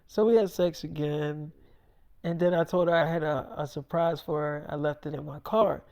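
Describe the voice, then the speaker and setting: A man's voice: on the high side, fairly even intonation, moderate pace, darkish tone. A man telling an improvised story in a rambling, profane way.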